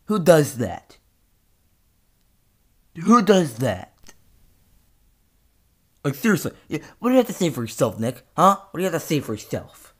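Sulky twin brother, put on by a man: whiny, argumentative, voice swings high and low. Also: sing-song, normal speed, pauses often, breathy edge. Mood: indignant. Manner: whiny and argumentative, escalating to yelling. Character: sulky, resentful twin brother who won't get along. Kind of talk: comedy skit bickering.

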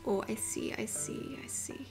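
A young woman streaming a video game, chatting casually and gushing excitedly, dropping to murmurs and rising to squeals. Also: moderate pace, over music. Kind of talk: casual live-stream chat while gaming.

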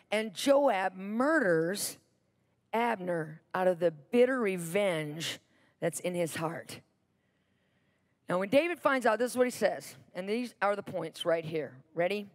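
A woman preacher retelling a Bible story in a sermon, animated and repetitive for emphasis. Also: medium pitch.

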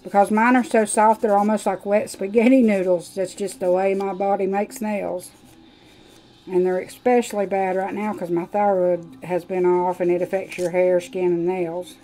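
Live-stream host, woman, country twang, warm mellow tone, rambling chatty demo talk. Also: medium pitch, level tone, moderate pace, low-quality recording. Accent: Southern US country twang. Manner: chatty, rambling, talks to viewers while working. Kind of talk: casual live demo chat.

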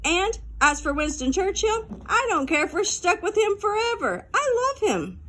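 A woman's voice: extremely high pitch, sing-song, normal speed, bright, forceful tone, voice pushed up, full character voice. A woman reading an audiobook, voicing a bossy, outspoken fifth-grade girl who scolds her friends. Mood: scolding. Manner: tart and scolding.

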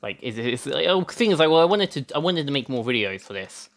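Rambling lad commentating gameplay. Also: male voice, mid-range voice, big pitch swings, fairly quick. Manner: chatty, rambling, self-interrupting with many restarts. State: hot and sweaty, a bit out of breath. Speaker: let's play host.

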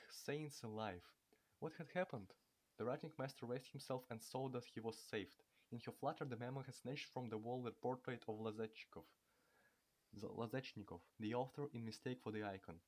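Casting: a male storybook narrator, plain reading voice, mid pitch, not polished. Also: darkish tone. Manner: reads with occasional slips and restarts. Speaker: audiobook reader.

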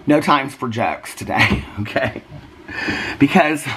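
A man's voice: medium pitch, slow, fairly bright tone, slight background noise. A bubbly, giggly man chatting casually to camera in his home kitchen as a vlogger. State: out of breath. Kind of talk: casual chat.

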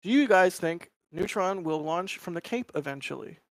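A man's voice: high voice, animated, moderate pace. A man co-hosting a live show in casual chat, thinking aloud in a tentative way. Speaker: co-host, photographer.

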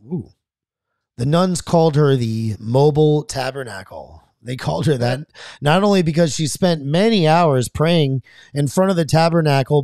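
Podcast host guy reading saint bios, slightly high voice, stumbles on names, dry close sound. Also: darkish tone, dry recording. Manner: reads aloud, stumbles on names, then adds loose comments.

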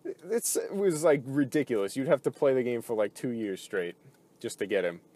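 A man's voice: medium pitch, expressive, moderate pace, dark tone. A man ranting casually about a video game, frustrated and profane, rambling with lots of fillers and restarts. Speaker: gaming video host.

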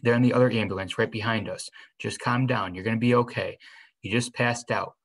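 A man reading the lines of a kindly grown man who calmly reassures a hurt teenager. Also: on the low side, brisk, breathy edge, poor audio. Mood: reassuring.

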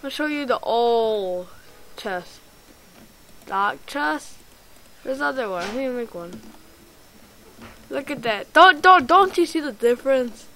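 Lady rambling through a let's play, kinda high voice, takes her time, restarts a lot. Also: slow pace, long pauses, slight background noise, poor audio. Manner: rambling and excitable, many ums and restarts. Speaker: gamer. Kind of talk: let's play game commentary.

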